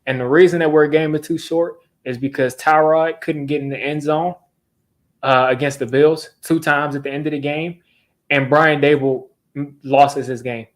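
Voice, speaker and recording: A man's voice: fairly high pitch, fairly even intonation, moderate pace. A young man hosting a sports fan channel, ranting in exasperation during a live football reaction, repeating himself as he vents.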